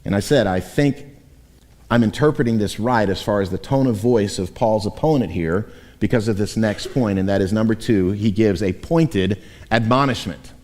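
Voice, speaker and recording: A man's voice: on the low side, moderate pace, a little mellow. A man preaching a sermon as pastor, reading scripture and acting out the voices of imagined objectors. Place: church sanctuary. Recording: long church reverb.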